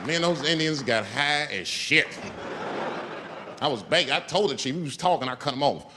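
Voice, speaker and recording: A man doing stand-up comedy on stage, an animated, profane storyteller whose pitch jumps up for emphasis. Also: normal speed. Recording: live show, loud crowd and noise.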